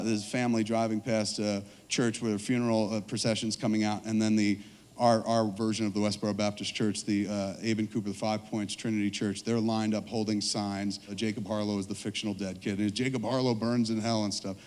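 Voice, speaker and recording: A man's voice: on the low side, long reverb tail. A man in his forties on a trade show stage, telling long, profane, rambling stories to a live audience. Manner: profane, animated, rambling anecdotes. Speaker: filmmaker guest speaker.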